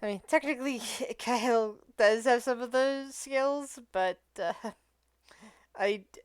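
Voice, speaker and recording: A woman's voice: a little high, measured pace, clean tone, no echo, clean studio sound. A woman running a tabletop game as game master, explaining rules and narrating with lots of hesitation. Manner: hesitant, full of fillers and restarts.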